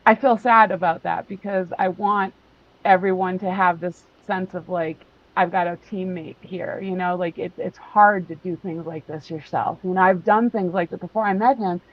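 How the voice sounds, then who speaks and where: A woman's voice: lowish voice, steady tone, normal speed. Woman hosting a casual stream chat, talkative; dull lo-fi sound. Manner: chatty, laughs often, talks to chat readers. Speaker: livestream host.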